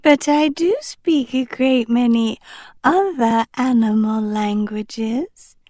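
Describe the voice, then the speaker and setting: A haughty young princess who drags out her words in a prim, huffy way, voiced by a woman reading a storybook. Her voice sits high but stays soft. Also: slow, no room sound, clean studio sound.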